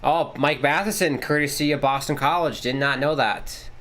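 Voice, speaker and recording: A man hosting a casual live watchalong, calling the play-by-play excitedly and swearing casually. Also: moderate pace. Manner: excitable, jumps pitch on big plays, swears casually. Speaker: watchalong host.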